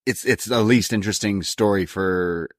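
A man with a fairly low voice chats casually as a co-host. He hesitates and restarts his thoughts often. His voice sounds dry and close. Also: moderate pace, dry recording. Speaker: podcast co-host. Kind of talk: casual wrestling review chat.

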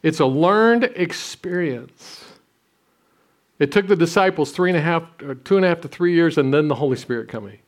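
A man's voice: fairly high pitch, fast, few pauses. A man in his sixties preaching a sermon, telling stories with self-deprecating humor and some restarts. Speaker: pastor.

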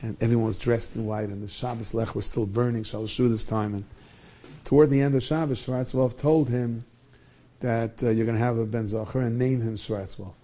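A man telling a Hasidic tale in a lively way, dropping in many Yiddish and Hebrew words. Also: mid-range voice, moderate pace. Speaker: storyteller.

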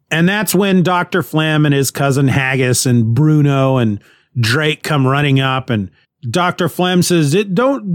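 A man's voice: on the high side, dry recording, clean studio sound. A man retelling a comic book story in a casual, rambling way, with frequent restarts and chuckles.

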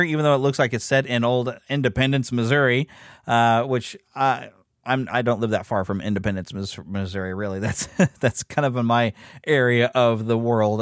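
A man's voice: mid-range voice, dry recording, studio quality. A man hosting a fan podcast who chats casually about upcoming films and reads their descriptions aloud, with frequent fillers and restarts. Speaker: podcast host. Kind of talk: casual movie news commentary.

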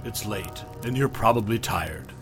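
A man reading as a smooth, calm sinister visitor. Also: fairly low pitch, a little slow, over music, natural voice.

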